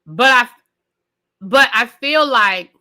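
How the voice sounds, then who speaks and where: A woman hosting a live TV review show, talking loudly and emphatically straight to her viewers in a casual rant. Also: on the high side, animated, slow pace. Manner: loud, emphatic, talks straight to the audience.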